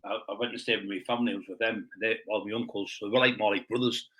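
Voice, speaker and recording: A middle-aged man from Scotland, talking as an interview guest. He speaks quickly and bluntly in a bright, forceful voice that sits a little low, and his stories ramble. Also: steady tone, rough recording. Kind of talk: casual storytelling.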